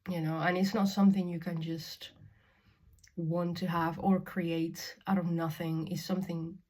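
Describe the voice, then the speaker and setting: Husky, sweary young woman vlogging. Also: lowish voice, level tone, measured pace. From Spain. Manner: frank and sweary, laughing often, swinging from loud to whispered. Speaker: spiritual vlogger. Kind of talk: candid casual monologue.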